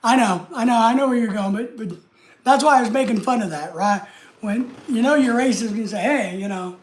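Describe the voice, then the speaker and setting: A man's voice: extremely high pitch, a little fast. A man hosting a live stream, chatting casually and answering viewer comments in an easygoing way. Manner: easygoing, chatty, talks straight to the chat.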